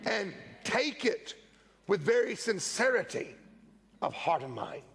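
A middle-aged man preaches in church with a high, gravelly voice that has a husky edge. He delivers an animated sermon and slips into the voices of the people in his stories. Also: slow pace. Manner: animated storytelling preacher, acts out quoted voices. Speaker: pastor.

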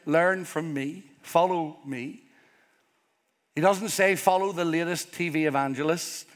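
Here a man from Northern Ireland delivers a sermon as pastor, his high voice a bit bright. Earnest and emphatic, he keeps building on repeated phrases. He's in a church hall with a congregation, and the sound has a long hall reverb.

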